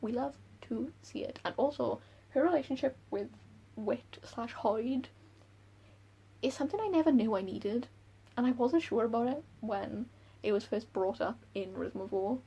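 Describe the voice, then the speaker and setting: A woman book vlogger chatting casually and excitably about characters she loves and hates. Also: on the high side, slightly rough, rough recording. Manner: gushing, excitable, quick laughs. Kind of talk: casual chat.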